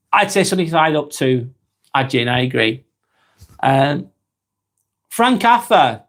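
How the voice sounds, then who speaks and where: A man in his forties with an East Lancashire accent, hosting a live stream and reading out viewer comments in a slow, halting way with many ums. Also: a little high, fairly bright tone. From England. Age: 40s.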